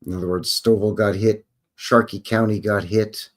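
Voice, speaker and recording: A man's voice: fairly low pitch, fairly even intonation, moderate pace. A man hosting a show, talking casually and thinking aloud about an old song he plays. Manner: musing, thinking aloud with restarts. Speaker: host.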